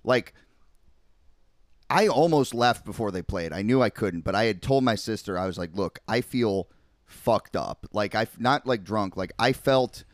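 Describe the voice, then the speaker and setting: A man's voice: on the low side, animated, moderate pace, dry recording, clean studio sound. A young man on a podcast, rambling in casual chat with heavy swearing and lots of filler words. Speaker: podcast co-host.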